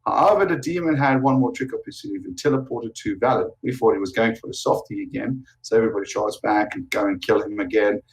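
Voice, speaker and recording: A man, a player, casually recapping the last session of a tabletop game with animated quotes. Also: fast, hardly any pauses, poor audio. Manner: animated, jumps into high voices for quotes.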